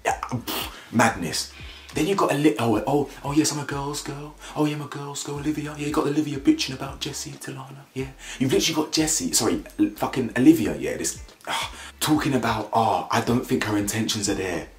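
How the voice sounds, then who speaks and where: A man's voice: a little fast, echoey room. A man ranting about a reality show, blunt and mocking, mimicking the people he talks about. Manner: blunt, mocking, mimics cast members in high voices. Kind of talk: animated opinion rant.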